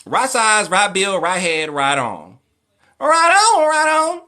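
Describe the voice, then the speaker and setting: A man's voice: sing-song, pushed and bright, full character voice. A man putting on the voice of a flamboyant, hyper male radio showman who squeals and shrieks his hype lines. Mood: hyped. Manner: shrill, squealing, rapid-fire hype.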